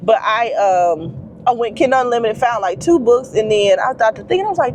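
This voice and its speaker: A woman's voice: mid-range voice, animated, fast, background noise. A woman vlogger with a stuffy nose, rambling in casual chat straight to her viewers.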